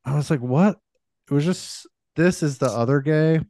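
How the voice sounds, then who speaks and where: Fairly quick and on the high side, this man's slightly mellow voice comes through a dry, clean studio recording. As a podcast co-host in casual conversation, he tells meandering stories heavy on fillers.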